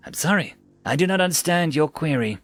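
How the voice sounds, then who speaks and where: A man's voice: on the high side, animated, fairly quick, dry recording, soft background music. A man playing a prim, smug food-dispenser machine. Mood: formal. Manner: prim, overly polite, scripted customer-service tone.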